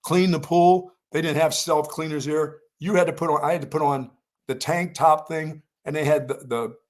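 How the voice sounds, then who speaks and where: An older man from North Carolina co-hosts a sports talk show with a slightly raised pitch. He tells a long, rambling story in easy conversation and throws himself into the quoted lines. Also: steady tone, moderate pace. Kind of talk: casual storytelling chat.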